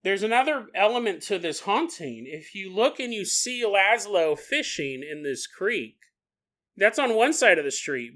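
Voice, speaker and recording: A man hosting a podcast, riffing in a comedic monologue, laughing often and acting out quick voices. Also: sits high, bright, forceful tone. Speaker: podcast host.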